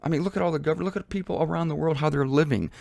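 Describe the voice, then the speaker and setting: A man hosting his own show, giving a casual commentary from a laundry room in an animated, mocking way, swinging from low mutters to high exclamations. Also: rapid-fire, vocal fry, no room sound. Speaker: Bible teacher and show host. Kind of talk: casual self-filmed commentary.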